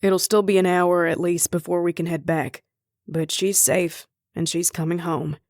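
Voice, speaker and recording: A woman voicing a calm, deeper male police chief. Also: normal speed, dry recording, clean studio sound, lightly acted. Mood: reassuring.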